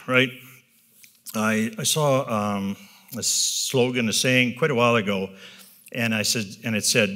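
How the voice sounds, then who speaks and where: A man in his fifties speaks plainly to a live audience about his own habits, in a bright, forward voice. He is candid and self-deprecating, wandering through his points with restarts and a habitual "right?". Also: lowish voice. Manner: rambling, with restarts and filler pauses. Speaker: business leader giving a talk. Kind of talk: personal talk to a live audience.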